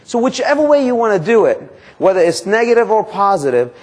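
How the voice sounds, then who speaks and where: A man leading a live sales training seminar, quizzing his audience and acting out sample calls to customers and banks. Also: a little fast. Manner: energetic, quizzes the audience with questions; acts out sample phone calls and pitches.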